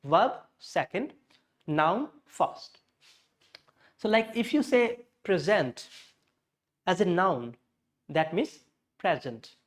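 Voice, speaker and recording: Teacher explaining stress rules. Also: male voice, high voice, very animated, slow pace, pauses often. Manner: explains step by step with Hindi glosses, self-corrects. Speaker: English teacher. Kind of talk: classroom lesson.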